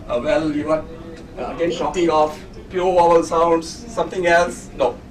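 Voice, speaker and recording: A high-voiced man speaks up from the audience and insists on explaining his point. He is far from the mic in an echoey hall, and a crowd is audible around him. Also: fairly even intonation, normal speed. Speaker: audience member.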